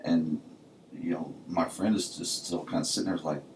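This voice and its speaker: Very deep-voiced man, distant in an echoey room. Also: fairly even intonation, moderate pace, noisy background. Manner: says "you know" constantly, storytelling. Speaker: podcast co-host. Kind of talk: casual chat.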